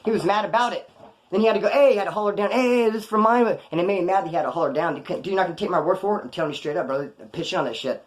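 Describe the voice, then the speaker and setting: Speaking very fast in a voice on the high side, this man spins casual prison stories. His storytelling is blunt, profane, and slang-heavy, and he performs the dialogue himself.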